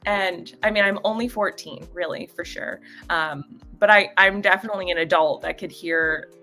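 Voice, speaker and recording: A woman hosts a relaxed live stream with a bright, clear-toned voice. She talks in a halting, unscripted way, full of fillers and little laughs. Faint music plays softly behind her. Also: fairly low pitch. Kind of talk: casual live-stream chat, greeting viewers.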